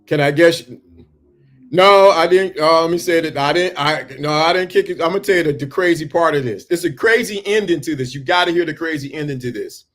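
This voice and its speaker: A man telling a story in a talk, animated and full of stammering restarts. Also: fairly high pitch, fast, few pauses. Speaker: speaker.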